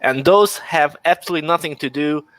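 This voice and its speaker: A man with a somewhat high voice adds details calmly and plainly on a video call. The sound is dry and close. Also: fairly quick, no room sound. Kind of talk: casual livestream discussion.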